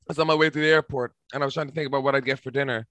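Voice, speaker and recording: An Irish man in young adulthood, a comedian guest telling a story on a casual podcast with deadpan mock seriousness. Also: medium pitch, rapid-fire, no echo.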